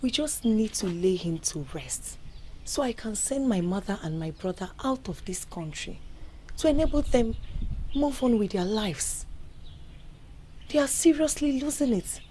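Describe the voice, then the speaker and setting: A woman's voice: a little high, lively intonation, a little slow, mellow, a little hiss or hum. An actress with a Nigerian accent playing a worried young woman who earnestly pleads for her family. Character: worried grown daughter, the steady one of the family.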